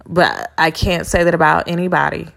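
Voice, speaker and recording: A woman's voice: low-pitched, steady tone, moderate pace, creaky, a bit bright. A woman hosting a podcast, telling a personal story in a candid, blunt and profane casual monologue with slangy asides. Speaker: podcast host.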